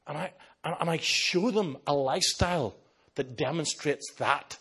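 A man with an Irish accent, a pastor preaching a sermon and telling stories in an animated way, slipping into other people's voices. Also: fairly high pitch, normal speed, breathy edge. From Ireland.

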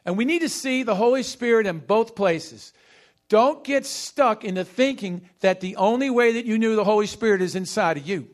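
Leading call-and-response with his congregation, an animated male pastor with a high voice preaches a sermon that swings from fast bursts to slow, emphatic phrases.

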